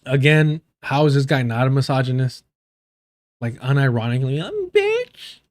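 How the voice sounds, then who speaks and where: A livestream commentator reacts to clips, swearing heavily and mocking his subjects, often mimicking them in exaggerated voices. His voice is mid-range and darkish, with fairly even intonation at a normal speed.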